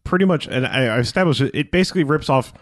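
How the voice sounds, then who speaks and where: A man's voice: medium pitch, expressive, quick pace, no room sound, studio quality. A man chatting casually on a podcast about a film, rambling and acting out characters' lines in a raised voice. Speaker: podcast co-host. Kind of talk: casual movie review chat.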